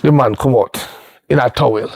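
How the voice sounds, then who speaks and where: A man's voice: mid-range voice, moderate pace, darkish tone, dry recording. A man with a Jamaican accent telling a gossipy story in patois, acting out the voices of the people he quotes. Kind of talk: Jamaican film dialogue.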